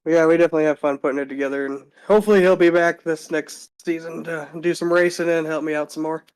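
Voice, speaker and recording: Smooth-voiced man chatting casually. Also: on the high side, steady tone, fast talker, no room sound. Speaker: racing series organizer, guest. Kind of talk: casual live-stream chat.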